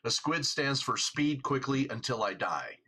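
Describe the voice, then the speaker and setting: A man in a casual chat, telling a long story in an animated way, laughing often and swearing freely, with a husky voice. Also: medium pitch, measured pace.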